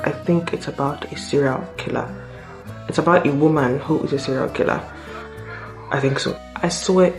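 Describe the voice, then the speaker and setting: A woman in her twenties from Nigeria, chatting casually and self-mockingly about books on her vlog, easily sidetracked. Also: sits low. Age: 20s. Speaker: booktuber.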